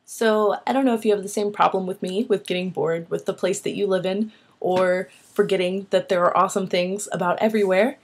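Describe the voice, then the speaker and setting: A woman's voice: mid-range voice, fairly even intonation, brisk, few pauses, husky. A young woman talking casually to viewers in a vlog, enthusiastic and asking them questions. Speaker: vlogger.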